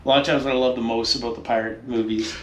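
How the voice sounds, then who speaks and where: A man co-hosting a podcast in a casual chat, joking and animated, and he swears freely. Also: mid-range voice, quick pace, roomy sound, a little hiss or hum. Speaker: podcast co-host.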